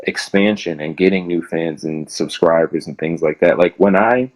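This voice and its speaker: A man's voice: low-pitched, moderate pace, darkish tone, poor audio. A young man, a guest in an interview, telling a long story in a rambling casual way and filling nearly every phrase with "like".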